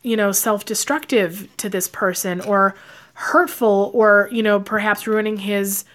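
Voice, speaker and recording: A woman's voice: mid-range voice, steady tone, a little slow, fairly bright tone. A woman, a psychic and life coach, talking casually to her audience and giving advice, with lots of fillers and acted-out quotes. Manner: chatty, acts out quoted lines with filler words. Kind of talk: casual advice talk to camera.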